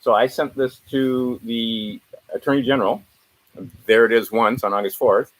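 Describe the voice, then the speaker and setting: A man's voice: mid-range voice, fairly even intonation, moderate pace, rough recording. A man walking viewers through his documents in a casual screen-share, rambling and correcting himself as he rattles off legal citations. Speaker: video host.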